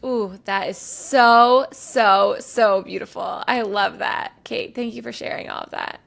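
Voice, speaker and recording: A woman's voice: mid-range voice, steady tone, measured pace, vocal fry, fairly bright tone. A woman hosting a podcast in casual interview chat, effusive and affirming toward her guest. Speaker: podcast host.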